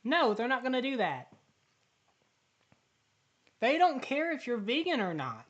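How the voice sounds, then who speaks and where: A woman's voice: on the high side, big pitch swings, measured pace, dull audio. A woman hosting a reaction video, talking back indignantly to the clip she watches. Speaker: reaction channel host. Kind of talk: casual reaction commentary.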